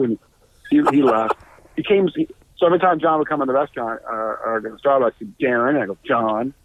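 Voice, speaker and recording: A man tells a lively anecdote, acting out each voice and swearing along the way. His pitch is average for a man. The sound is thin and phone-like, with no room echo. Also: husky. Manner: acts out quoted voices, swears. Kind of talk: animated storytelling. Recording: tinny phone-like dry recording.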